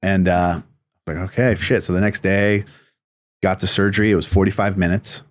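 Guest tattoo artist, American man, deep voice, dry close sound, loose rambling storyteller. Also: little pitch movement, normal speed, dry recording. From United States. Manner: laid-back, rambling, lots of "like" and "you know". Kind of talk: casual storytelling interview.

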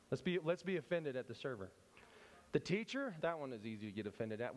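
A man teaching at a church service, animated and playful, often breaking off and restarting as he acts out examples. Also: medium pitch, fairly quick, slight background noise. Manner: animated, self-interrupting, playful. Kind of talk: church teaching with acted-out scenes.

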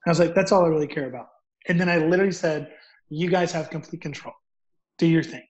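A man telling a story as a guest author, acting out the dialogue in an animated way. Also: on the high side, fast. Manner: animated, acts out quoted dialogue. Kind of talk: storytelling in an interview. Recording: dull lo-fi audio.

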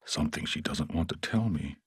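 A croaking, worn-out little human, voiced by a male audiobook narrator. His voice sits very deep and is very husky, recorded dry and close. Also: fairly quick, no room sound, full character voice. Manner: croaking, tired. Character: small, weary, quick-witted male early human.

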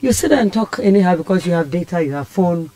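A woman's voice: on the low side, expressive, quick pace, mellow, dry recording. A Ghanaian woman telling a personal story as a radio guest, impassioned and rambling. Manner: impassioned, rambling, switches languages. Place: radio studio.

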